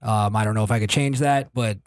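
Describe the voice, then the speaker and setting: A man's voice: lowish voice, a little fast. A man co-hosting a casual podcast, telling stories with swearing and frequent laughter. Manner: animated, swearing storyteller who laughs a lot. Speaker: podcast co-host.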